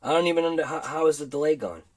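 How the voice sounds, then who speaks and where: A man's voice: a little high, racing, a little mellow. A man with a Boston accent hosting a casual livestream, rambling and laughing as he reads chat aloud. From Boston area, United States. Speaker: livestream host.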